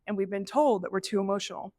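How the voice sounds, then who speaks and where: A middle-aged woman presenting a live workshop, animated and conversational, acting out inner voices as she teaches. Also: medium pitch, quick pace, no room sound. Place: event space with an audience.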